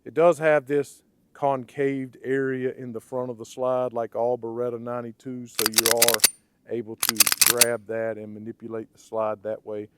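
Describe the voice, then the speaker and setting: A man with a raspy, hoarse voice from blocked sinuses gives a casual hands-on product review. He talks conversationally and ends his points with "okay?" and "right?". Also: mid-range voice, little pitch movement, normal speed, a bit bright, slight background noise. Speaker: firearms reviewer.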